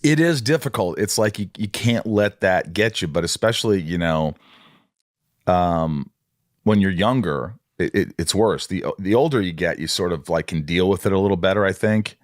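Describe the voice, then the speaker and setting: A middle-aged man hosting an interview, telling a story with lively acted-out dialogue. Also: low voice, moderate pace, no room sound, clean studio sound. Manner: animated, acts out quoted dialogue. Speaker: podcast host.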